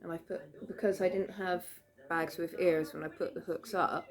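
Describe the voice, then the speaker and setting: A British woman chatting casually into a camera at home, rambling cheerfully with plenty of fillers and little laughs. Her voice sits a bit low for a woman. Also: fairly even intonation, moderate pace. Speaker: vlogger. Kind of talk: casual show-and-tell chat. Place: home room.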